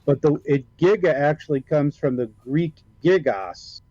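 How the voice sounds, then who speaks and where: A man's voice: on the high side, a little slow, dark tone, no room sound. A man joining a casual group chat from a call, explaining things in a know-it-all way. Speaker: call-in guest. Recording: dull muffled call audio.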